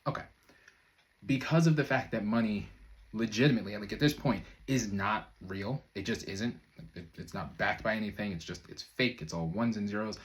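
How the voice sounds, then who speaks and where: A man's voice: fairly low pitch, normal speed. A man speaking as a manifestation coach in a loose, conversational way, full of fillers and brief chuckles. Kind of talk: casual motivational talk to camera.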